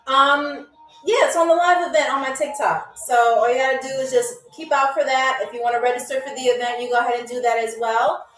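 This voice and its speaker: A high-pitched young woman hosts a live-stream trivia game, encouraging the viewers in the chat and peppering her talk with "okay?" and "all right?". She sounds roomy and set back from the mic, with faint music underneath. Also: fairly even intonation, a little fast, a bit bright, far from the mic. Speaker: game show host. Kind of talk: live-stream hosting, reading viewer comments.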